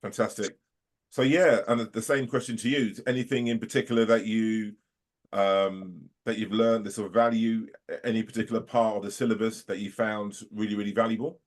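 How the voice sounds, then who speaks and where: A man's voice: fairly low pitch, fairly even intonation, a little fast. A man running a final course session, losing his voice, checking in with students in a friendly way and repeating his praise. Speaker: course organizer. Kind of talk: casual check-in.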